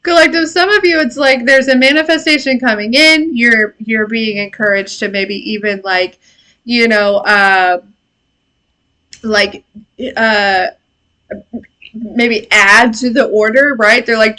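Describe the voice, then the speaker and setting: A woman's voice: on the high side, measured pace, sharp tone. A woman in her thirties hosting a casual live intuitive reading, chatty and laughing, swearing casually and answering chat comments. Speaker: intuitive reader and live stream host. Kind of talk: casual live-stream tarot-style reading.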